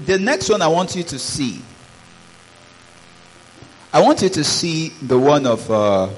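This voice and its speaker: A man's voice: a little high, expressive, unhurried, slight background noise, poor audio. A man preaching a sermon as pastor, reading scripture aloud and calling out praises. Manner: preaching with rising exclamations, reads scripture aloud.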